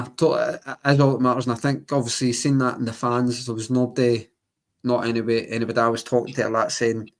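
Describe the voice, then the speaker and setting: Flat-voiced man in casual chat. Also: medium pitch. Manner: chatty, repeats himself, laughs now and then. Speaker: podcast co-host.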